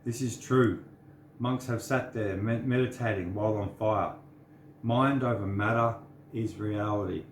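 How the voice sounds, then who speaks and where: A man's voice: fairly low pitch, unhurried, reverberant, slight background noise. An earnest, sincere man, giving a preachy personal monologue to the camera. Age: 30s. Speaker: vlogger.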